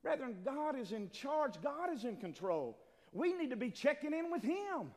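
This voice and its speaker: A man preaching a sermon, swinging between quiet talk and loud, shouted appeals. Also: very high-pitched, very animated, moderate pace. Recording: long hall reverb.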